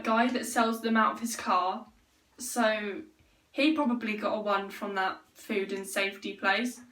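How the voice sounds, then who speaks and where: A woman's voice: a little high, fairly bright tone. A young woman chatting casually to camera, rambling with many fillers and joking asides. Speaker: vlogger. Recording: roomy sound from a distant mic, faint music behind.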